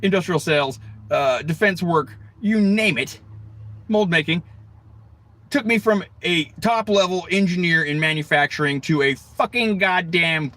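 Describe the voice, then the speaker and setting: Profane, forceful American man ranting. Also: a little high. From United States. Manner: profane, ranting, heavy swearing, rapid tangents. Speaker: livestream host. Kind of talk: rambling livestream rant.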